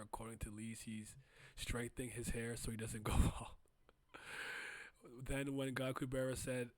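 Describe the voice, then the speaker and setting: A man casually chatting on a livestream, reviewing comic chapters, animated and laughing often. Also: medium pitch, dry recording. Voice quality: animated, laughs often, swings loud and soft. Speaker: streamer reviewing manga chapters.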